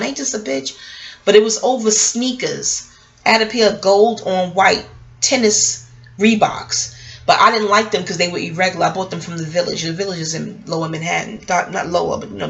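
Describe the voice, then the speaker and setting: A woman's voice: medium pitch, vocal fry, rough recording. A middle-aged woman from New City, telling a personal story in a casual, profane monologue to her viewers. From New York City. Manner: animated, profane, talks straight to viewers. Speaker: vlogger and memoir author.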